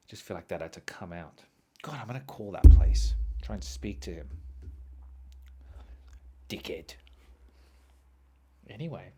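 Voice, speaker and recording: A young man hosting a podcast, telling stories in an animated, swearing, ranting way. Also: a little high. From South Africa. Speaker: podcast host. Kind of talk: storytelling monologue.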